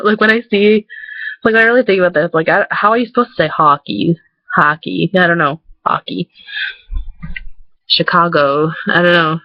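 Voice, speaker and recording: A high-pitched man with a Michigan accent rambles casually to his viewers, packing every sentence with "like." The sound is close and dry, a little dull and lo-fi. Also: no room sound. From Michigan, USA. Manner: chatty, rambling, filler-heavy with lots of "like". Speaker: vlogger. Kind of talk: casual talking-head vlog.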